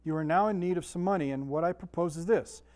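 A man's voice: on the high side, quick pace, darkish tone. Chatty man teaching a Bible class. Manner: folksy, chatty, asks the room questions. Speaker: Sunday school teacher.

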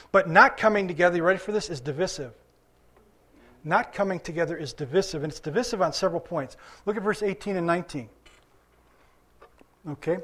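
Casting: high-voiced male pastor, chatty preaching with asides. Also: fairly bright tone. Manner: conversational preaching with asides and chuckles. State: limping after surgery. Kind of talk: sermon.

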